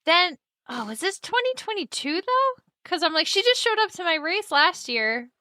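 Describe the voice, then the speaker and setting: A woman co-hosting a podcast, chiming in casually with lively remarks. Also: very high-pitched, moderate pace, dry recording. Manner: lively, animated interjections. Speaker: podcast co-host. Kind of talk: casual chat.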